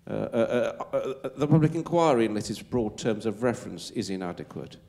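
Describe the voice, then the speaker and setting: A man's voice: lowish voice, moderate pace, vocal fry, a little mellow. Emphatic Wolverhampton-accented man. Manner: emphatic, repeats words when building a point. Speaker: panelist. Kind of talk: panel discussion answer.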